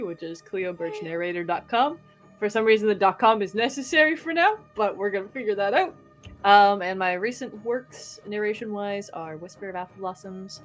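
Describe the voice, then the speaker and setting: A woman voice actor and narrator introducing herself in easygoing, giggly talk. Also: mid-range voice. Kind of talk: casual chat, self-introduction.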